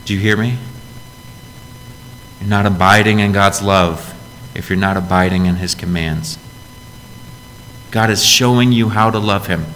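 A man with a lowish voice preaches a sermon in a church, earnest and direct, often asking his listeners questions. His words ring out with a long reverb, over a faint low rumble. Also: fairly even intonation, measured pace, long pauses, a bit bright. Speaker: pastor.

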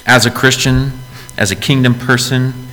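A man preaching a sermon as pastor, in a conversational style that lifts into emphatic, louder phrases. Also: fairly even intonation, measured pace. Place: church sanctuary. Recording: long reverb in a church hall, faint rumble.

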